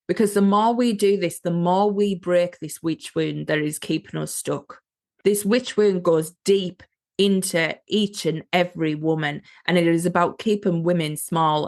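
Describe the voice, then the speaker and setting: Earnest motivational woman, lowish voice. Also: creaky. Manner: earnest, motivational, addresses listeners directly. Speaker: podcast host, business coach. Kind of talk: solo podcast monologue.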